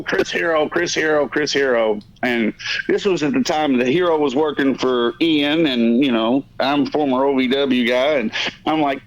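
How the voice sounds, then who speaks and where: A man hosting a podcast, telling a long story in a casual, profane, rambling way that stops and restarts. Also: a little high. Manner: rambling, profane, self-interrupting. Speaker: podcast host. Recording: dull lo-fi audio.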